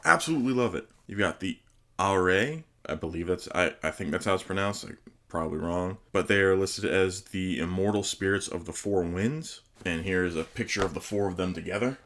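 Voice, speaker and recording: Host with a very low voice doing a casual unboxing review, chatty and enthusiastic. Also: male voice, steady tone, moderate pace, a bit bright. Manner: enthusiastic, chatty, with hesitant pronunciations. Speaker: host reviewing tabletop game books.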